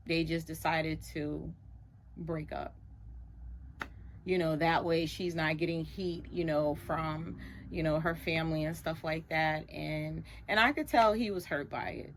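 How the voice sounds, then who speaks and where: A middle-aged woman, a radio show guest, animatedly retelling a story and acting out other people's lines in a higher voice. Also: fairly even intonation, slow, a little hiss or hum. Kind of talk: storytelling in a casual chat.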